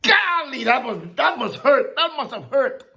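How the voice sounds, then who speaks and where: A preacher talks through a sermon in a high, bright voice that swings widely in pitch. Laughter and slangy asides come often, and the delivery stays slow and deliberate. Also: big pitch swings, creaky.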